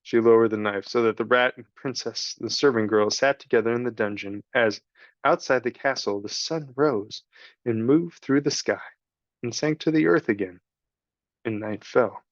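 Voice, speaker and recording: A man narrating a children's storybook in slow, measured tones. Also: mid-range voice, no echo, lo-fi sound. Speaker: audiobook reader.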